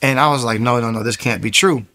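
A man's voice: medium pitch, fast talker, pushed and bright. A man telling his personal faith testimony in a casual, storytelling way, acting out the voices of people he quotes and often repeating words as he goes. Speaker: testimony speaker.

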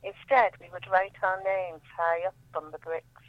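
A woman reading her own poems aloud in a measured, solemn way, then chatting about them. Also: on the low side, steady tone, dry recording, phone-quality sound. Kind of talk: poetry reading and radio chat.

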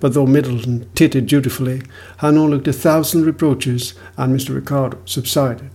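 A man reading a novel aloud as audiobook narrator, in a measured storytelling manner. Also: mid-range voice, a little mellow, husky, poor audio.

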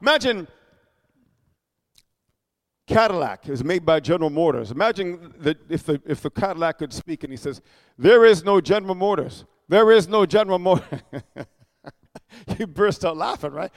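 A man preaching a sermon, animated and emphatic, calling out for responses and shouting at peaks. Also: high voice, moderate pace. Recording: long hall reverb.

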